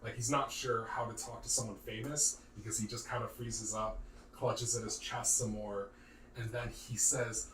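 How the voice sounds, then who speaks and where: A man narrating a tabletop game as game master, in a lively, casual way with lots of filler words. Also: on the low side, moderate pace. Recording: roomy, distant mic, faint noise.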